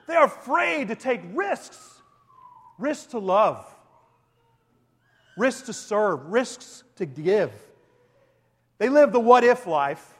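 A man in his forties preaching a sermon as a pastor, animated, swinging between loud emphasis and soft asides. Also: sits high, unhurried. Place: church sanctuary. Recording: reverberant hall sound.

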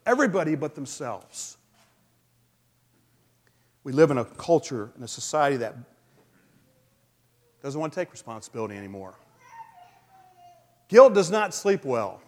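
A male pastor preaching a sermon in a relaxed, conversational way, with frequent fillers. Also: on the high side, normal speed, long pauses. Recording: long hall reverb.

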